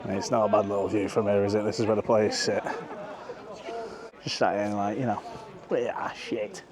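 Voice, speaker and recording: A man's voice: fairly low pitch, flat delivery, moderate pace, crowd noise. A man vlogging outdoors at a football stadium, joking crudely, swearing freely and out of breath. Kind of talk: casual chat to camera.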